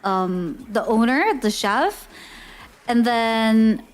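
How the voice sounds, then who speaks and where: High-voiced chatty woman. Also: animated, very slow. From Korea. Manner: chatty, filler-heavy, giggly. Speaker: streamer. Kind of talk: casual storytelling.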